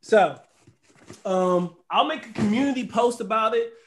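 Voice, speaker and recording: A man's voice: sits high, measured pace, slight background noise. A middle-aged man from the United States hosting a casual livestream chat, laughing often and reading the chat aloud. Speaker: host.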